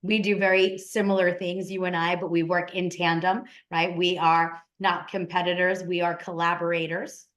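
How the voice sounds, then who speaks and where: A woman's voice: fairly low pitch, little pitch movement, moderate pace, few pauses, a bit bright. Emphatic woman interview host. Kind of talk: casual interview talk.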